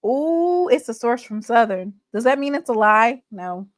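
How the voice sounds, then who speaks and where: A woman's voice: fairly high pitch, expressive, takes it slowly, pauses often, no room sound, studio quality. A woman hosting a live sports talk stream, chatting straight to her viewers in a sassy, gossipy way. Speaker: livestream sports show host.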